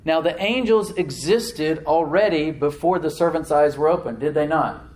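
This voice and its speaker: A male preacher giving a sermon in a folksy storytelling way, repeating key phrases for emphasis and moving from quiet asides to loud, emphatic lines. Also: fairly high pitch, moderate pace, a little hiss or hum, poor audio.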